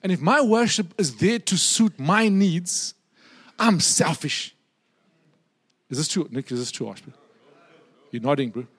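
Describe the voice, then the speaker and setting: A man with a high-pitched voice preaches in a relaxed, conversational way. He drifts into humorous stories and checks in with the room through quick asides. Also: husky. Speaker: pastor. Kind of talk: sermon.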